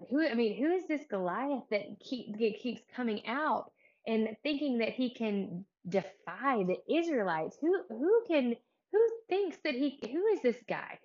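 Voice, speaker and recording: A woman voicing a bold, indignant young male shepherd in a retold Bible story, her voice rising high and loud. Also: dull audio.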